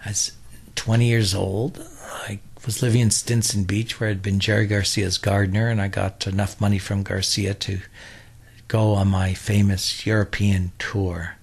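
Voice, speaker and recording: A man's voice: lowish voice, level tone, moderate pace, creaky, darkish tone, slightly rough. A man in his sixties from New York, a guest telling rambling anecdotes in a loose, chatty way full of "uh" and restarts. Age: 60s. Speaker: interview guest.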